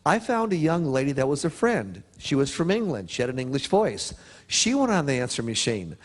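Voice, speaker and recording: Set in a prison chapel or hall, this clip features a man speaking at a motivational seminar. He tells his story with animated pitch swings and emphatic pauses.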